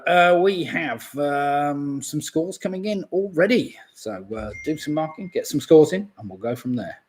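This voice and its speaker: A man hosting a live online pub quiz, reading out answers and scores in a chatty way with jokey asides. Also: on the high side.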